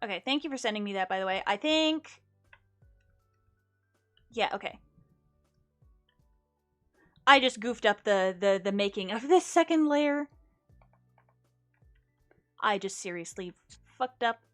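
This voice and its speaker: A woman's voice: mid-range voice, animated, unhurried, pauses often. A young woman streaming herself playing a game, chatting casually, mocking herself and humming little sound effects. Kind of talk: casual gameplay chat. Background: soft music.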